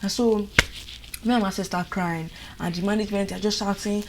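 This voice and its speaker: A woman's voice: mid-range voice, fairly quick, slight background noise. Young Nigerian woman telling a story. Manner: animated, exasperated storytelling. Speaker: vlogger. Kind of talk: storytime vlog.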